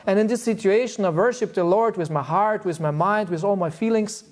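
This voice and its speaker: A man giving a relaxed devotional talk to a group, chuckling often as he tells stories. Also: high voice, a little fast. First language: German. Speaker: spiritual teacher.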